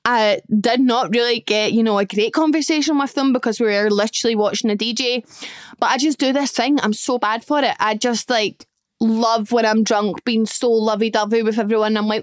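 A young woman host talks straight into a close, dry mic. Her voice sits a little high and comes across smooth and clear. She gushes through a casual story and swears freely. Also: steady tone, a little fast, no echo. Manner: chatty, gushing, swears casually. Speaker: podcast host.

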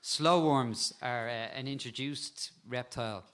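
A man with an animated way of telling stories, a guest talking casually about insects and spiders and laughing at times. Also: mid-range voice, unhurried. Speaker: guest, insect and frog expert. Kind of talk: casual storytelling chat.

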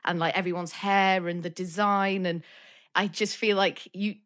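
A woman's voice: mid-range voice, steady tone, normal speed, fairly bright tone. A British woman co-hosting a podcast, chatting about films with lots of fillers and acted-out quotes. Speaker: podcast co-host. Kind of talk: casual film discussion.

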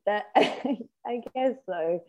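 A woman's voice: mid-range voice, extremely slow, dark tone. Teasing woman guest on a comedy podcast. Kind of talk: casual comedic chat.

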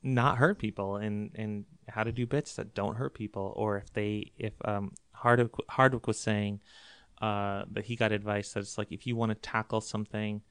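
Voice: mid-range voice, fairly even intonation, normal speed, clean tone, no room sound. A comedian guest talking casually on a podcast, rambling with many fillers and restarts.

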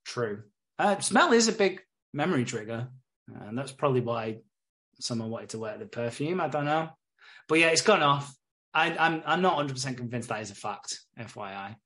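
A man's voice: mid-range voice, moderate pace. A British man hosting a podcast, recapping episodes in casual chat, acting out the characters' lines with swearing and frequent laughter. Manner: animated retelling, acts out characters' lines, swears, laughs often.

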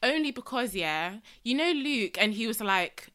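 A woman's voice: fairly high pitch, expressive, unhurried, fairly bright tone. Playful, slangy young woman. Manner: playful, slangy, uses mate. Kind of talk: casual chat.

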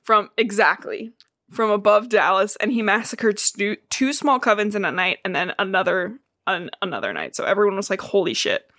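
A woman's voice: mid-range voice, normal speed, a bit bright, no echo, clean studio sound. A woman with a Midwestern American accent, co-hosting a casual book podcast, chatty and swearing freely. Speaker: podcast co-host.

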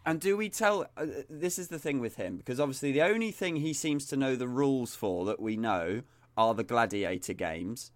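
A man's voice: medium pitch, lively intonation, normal speed, no echo. A man co-hosting a casual chat, telling stories and joking with a laugh. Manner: jokey, storytelling, laughs often. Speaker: podcast co-host.

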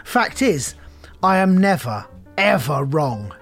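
A man's voice: on the high side, sing-song, slow pace, fairly bright tone, soft background music, exaggerated voice. A man doing a blustering, arrogant detective. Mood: defiant. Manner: boastful, sneering, blustering. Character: arrogant greedy male private detective.

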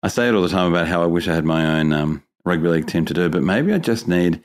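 A man's voice: sits low, lively intonation, fast talker. A man from Australia co-hosting a call-in podcast, chatting enthusiastically, rambling a little and laughing often. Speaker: podcast co-host. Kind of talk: casual call-in chat.

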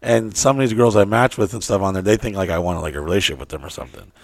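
Crude, rambling man with a gravelly low voice. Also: very fast, no room sound. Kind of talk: casual chat.

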